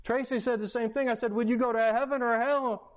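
A man, a pastor, preaching a sermon by retelling a personal story with quoted dialogue. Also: fairly quick. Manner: animated retelling with quoted dialogue, pitch rising in excitement. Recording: lo-fi, dull sound.

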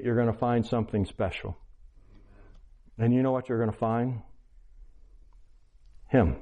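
A man's voice: mid-range voice, warm tone. An older man preaching a sermon as a pastor, earnest and pleading, telling stories to make his point. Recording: dull lo-fi recording.

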